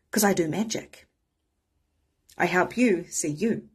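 Husky-voiced New woman coaching. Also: on the low side, slow, long pauses. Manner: candid, swears freely, acts out quoted voices. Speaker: spiritual coach. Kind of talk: casual motivational talk.

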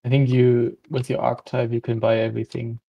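A man's voice: mid-range voice, level tone, brisk, creaky, highs cut off, slight background noise. A man playing a board game, thinking aloud and explaining the rules to his opponent. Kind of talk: casual board game chat.

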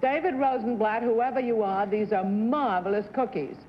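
A woman's voice: a little high, normal speed. A woman on a game show panel, gushing and chatty as she questions contestants. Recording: dull 1960s TV broadcast, faint hiss.

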